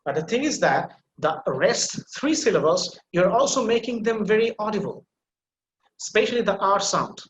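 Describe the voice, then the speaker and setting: A man's voice: high-pitched, very animated, a bit bright, lo-fi sound. Patient male pronunciation teacher, echoey room. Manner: patient, repeats words slowly to model pronunciation. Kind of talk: online pronunciation class. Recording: echoey room with faint noise.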